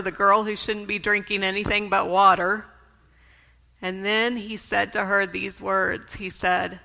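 Slow, gravelly woman preaching in a church. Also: mid-range voice, pushed and bright. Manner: slow, measured preaching with quoted scripture. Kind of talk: sermon. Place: church sanctuary. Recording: long reverb of a church sanctuary.

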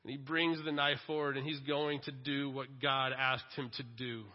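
A man in his forties preaching a sermon, telling the story in an animated way with self-deprecating humor. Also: mid-range voice, moderate pace. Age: 40s. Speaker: pastor. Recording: dull echoing hall recording.

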